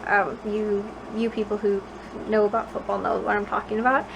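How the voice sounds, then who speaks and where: A young woman from the Chicago suburbs vlogs casually to camera in her bedroom at night, rambling with lots of filler words. Her mid-range voice is gravelly and flat, moving a little fast. The home recording is noisy.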